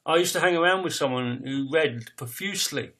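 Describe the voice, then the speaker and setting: A man in his fifties, a poet telling his own life story as a personal confession, speaking raw and emotional with halting restarts and blunt swearing. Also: on the high side, sharp tone. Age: 50s.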